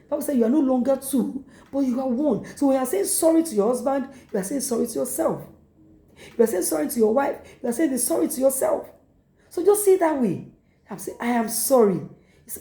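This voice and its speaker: A woman pastor with a Nigerian English accent preaches with repeated urgings, slipping into quoted lines. Her voice is warm and mellow, and it rings in an echoey room. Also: sits high. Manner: repetitive exhortation with acted quotes. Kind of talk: sermon.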